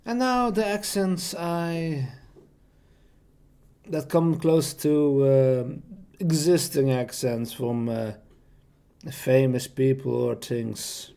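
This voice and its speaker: A man's voice: on the high side, warm tone. A man streaming live, chatting casually about the voices he can do, rambling and restarting his sentences. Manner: rambling, meandering, many fillers and restarts.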